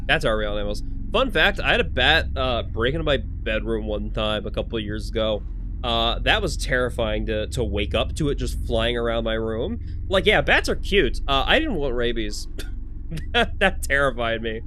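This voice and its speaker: A man's voice: medium pitch, expressive, moderate pace, pushed and bright, slight background noise. A young man streaming a game live, chatting in rambling asides between lines. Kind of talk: live gameplay commentary.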